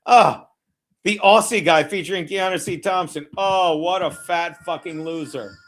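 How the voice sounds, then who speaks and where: Faint music plays behind a man with a high, fairly bright voice who talks at a measured pace. He's live-streaming a betting watchalong for a game, swearing constantly, rambling, mocking viewers brashly, and fiddling with his browser.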